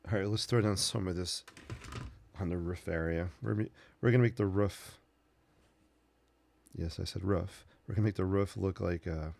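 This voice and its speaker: Hosting a relaxed sketching livestream, a man with a deep, gravelly voice rambles easily while he paints and chats with viewers. He speaks loosely and without hurry, and there's no echo.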